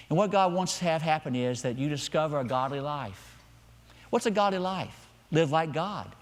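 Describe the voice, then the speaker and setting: A middle-aged male pastor preaching a sermon, swinging between loud emphatic lines and quiet, hushed ones. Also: mid-range voice, long reverb tail. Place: church sanctuary.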